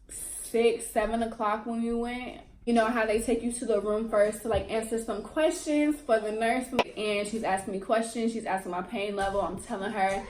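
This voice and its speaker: A woman's voice: a little high, reverberant, a little hiss or hum. A young woman vlogger, telling a dramatic storytime and acting out what people said. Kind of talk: storytime vlog.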